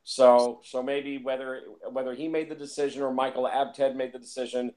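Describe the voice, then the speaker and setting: Man, casual film talk, rambling, restarts a lot, medium pitch. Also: little pitch movement, moderate pace, mellow. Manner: rambling, repeats words, many fillers. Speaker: film reviewer.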